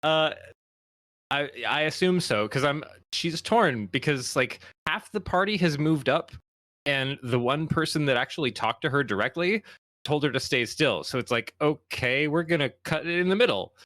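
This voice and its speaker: Lively, hesitant tabletop player. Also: male voice, on the high side, moderate pace, no echo. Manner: rambling, hesitant. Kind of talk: casual tabletop game chat.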